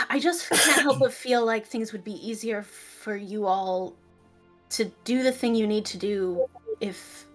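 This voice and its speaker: A woman playing in a tabletop game, chatting casually and quick to laugh. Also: medium pitch, soft background music. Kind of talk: casual table talk between players.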